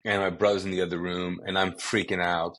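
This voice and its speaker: Pastor guest from Kuwait, man with a very deep voice, vivid storyteller who restarts his sentences often. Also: flat delivery, a little fast, a bit bright. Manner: vivid storytelling with acted-out quotes and frequent restarts. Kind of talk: conversational testimony storytelling.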